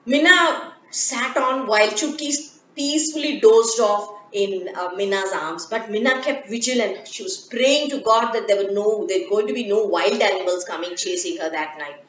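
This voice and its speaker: Gentle woman telling a children's story. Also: mid-range voice, slight background noise. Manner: slow and gentle, with fillers. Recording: dull, echoey room, from far off.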